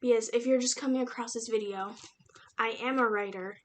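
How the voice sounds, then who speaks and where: A woman's voice: a little high, fairly even intonation, a little fast. A young woman casually retelling a novel's plot in a chatty, slangy book review vlog, with lots of fillers. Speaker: book reviewer and aspiring writer.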